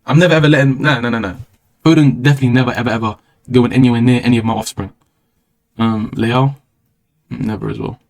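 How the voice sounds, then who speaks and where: A man's voice: medium pitch, steady tone, fast, pauses often. A young British man with a British accent chatting casually on a live stream, slangy, rambling and opinionated.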